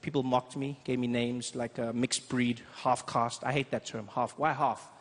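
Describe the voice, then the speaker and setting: A man in his thirties with a South African accent, doing a playful stand-up set on a theater stage. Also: mid-range voice. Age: 30s. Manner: animated, quick, playful storytelling. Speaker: stand-up comedian. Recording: echoey theater with crowd noise.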